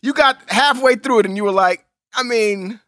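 A man co-hosting a casual podcast chat, joking loudly and hyping in playful bursts. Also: very high-pitched, a little fast, no echo, studio quality. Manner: loud, playful, shouty hype bits. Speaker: podcast co-host.

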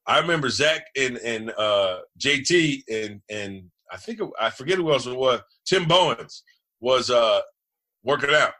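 A man's voice: mid-range voice, measured pace. A middle-aged man from New Jersey, a former quarterback telling boisterous, profane locker-room stories as a guest in casual chat. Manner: boisterous, profane, animated storyteller.

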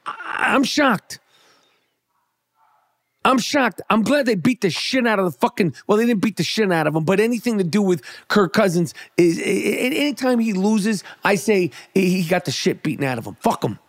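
A man's voice: high-pitched, animated, a little fast, hardly any pauses, no echo, studio quality. A man giving a brash, profane, hyped-up rant about the football weekend and his fantasy team. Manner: brash, swearing, hyped, repetitive. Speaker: sports commentator.

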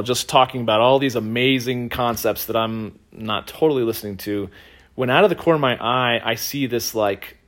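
A man hosting a podcast, telling a personal story in a loose, animated way, laughing often and using lots of fillers. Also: mid-range voice. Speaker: podcast host. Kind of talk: casual storytelling.

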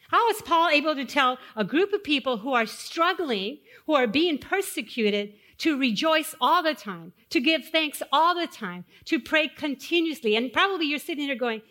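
A woman pastor giving a sermon, asking the congregation questions and dropping to hushed, solemn tones when telling stories of loss. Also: sits high, very animated, unhurried. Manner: dynamic, swings from loud rhetorical questions to hushed solemn tones.

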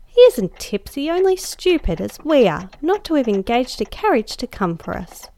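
A woman voicing a lively young American woman who brushes off her sister's worries with a scoffing, breezy manner. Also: a little high, moderate pace, gravelly, voice pushed up.

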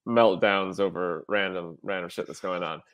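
A man co-hosting a soccer podcast, talking in a halting, relaxed way with many fillers. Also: sits low, no echo. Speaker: podcast co-host. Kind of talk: casual podcast chat.

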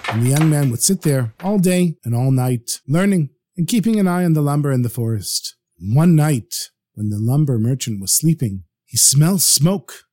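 A man narrating a spoken story with animated storytelling delivery. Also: a little high, moderate pace, hardly any pauses.

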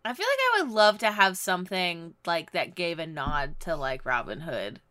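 A woman's voice: lowish voice, big pitch swings, moderate pace, bright, forceful tone, dry recording. A woman co-hosting a casual brainstorming chat, easygoing and giggly, thinking aloud with many fillers.

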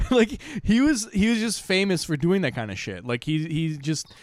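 Rambling, profane storytelling guy, slightly high. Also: slight background noise. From Detroit area, Michigan. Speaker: podcast co-host. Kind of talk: casual podcast chat.

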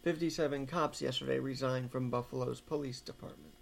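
Man cohosting talk radio, super gravelly fry voice, earnest and opinionated. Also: medium pitch, steady tone, a little fast, slight background noise. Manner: earnest, opinionated, building an argument. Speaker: talk show co-host. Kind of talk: casual political talk show chat.

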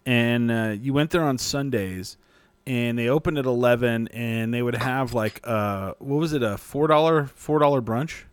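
A man's voice: medium pitch, moderate pace, clear, resonant tone, dry recording. A young man from New Mexico telling a long story in casual chat, rambling, swearing and laughing often.

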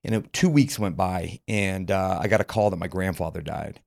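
Low, gravelly guest voice in a dry, close recording, a man from Utah speaking loosely with "like" fillers. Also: normal speed, darkish tone, dry recording. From Utah, USA. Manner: frank, loose, lots of "like" fillers. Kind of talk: candid personal storytelling.

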